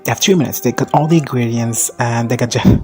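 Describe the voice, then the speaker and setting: Man, casual recap vlog, swears a lot, rambling, mid pitch, faint music behind. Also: fast talker, darkish tone. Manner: profane, rambling, slips into high-pitched quoted voices. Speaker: recap vlogger.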